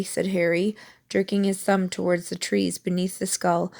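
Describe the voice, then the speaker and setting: A woman reading a novel aloud with steady storytelling. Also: lowish voice, normal speed, creaky. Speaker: audiobook reader.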